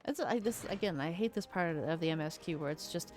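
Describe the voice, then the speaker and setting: A woman streamer giving chatty, casual commentary while playing a game and reacting out loud. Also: on the low side, animated, brisk, hardly any pauses, soft background music.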